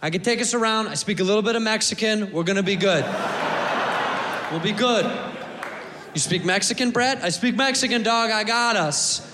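A man's voice: sits high, moderate pace, reverberant, big-room sound, lightly acted. A man voicing a cocky young buddy who brags he can get by in Spanish, on stage in a noisy comedy club. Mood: boastful. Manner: boastful, reassuring. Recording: comedy club with crowd noise.

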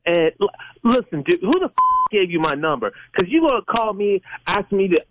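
A man's voice: high-pitched, animated, normal speed. A man on the receiving end of a prank call, stammering, defensive and cursing. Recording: phone line with clicks and static.

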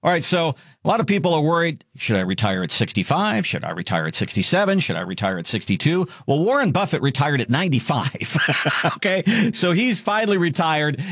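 A man's voice: a little high, no echo, studio quality. A man hosting a retirement finance radio show, upbeat and promotional as he repeats the website. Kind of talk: radio show talk with sponsor plugs.

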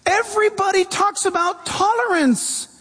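Man preaching in a church hall, shifting loud and quiet, very high pitch. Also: moderate pace, faint music behind. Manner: animated preaching, swings between loud and soft. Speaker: pastor. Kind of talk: sermon.

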